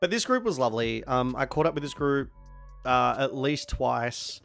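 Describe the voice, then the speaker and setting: An Australian man in his forties chats on his stream in a loose, rambling way. His voice sits at an ordinary middle pitch, and he often breaks into excited shouts. Soft music plays quietly behind him. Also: moderate pace, gravelly. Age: 40s. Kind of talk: casual stream chat.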